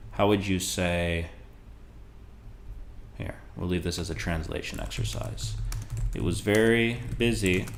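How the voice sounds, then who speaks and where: A man with a very deep, low voice talks through a beginner lesson in a relaxed, conversational way. He slows down to model each phrase clearly. Faint room noise and keyboard typing sit quietly in the background. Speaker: Spanish teacher. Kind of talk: casual video lesson.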